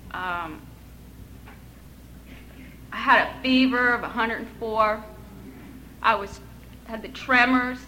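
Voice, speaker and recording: A woman's voice: mid-range voice, pushed and bright, a little hiss or hum, low-quality recording. A woman in her thirties giving an earnest, emotional personal testimony, with touches of wry humor. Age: 30s. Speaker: speaker sharing her recovery story.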